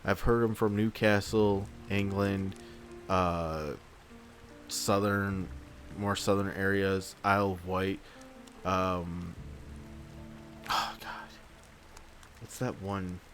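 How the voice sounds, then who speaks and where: A man's voice: low voice, flat delivery, slow pace, long pauses, a bit bright, soft background music. Exasperated, swearing male game streamer. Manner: exasperated, swears often, rambling. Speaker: let's play host. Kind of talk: gameplay commentary, ranting.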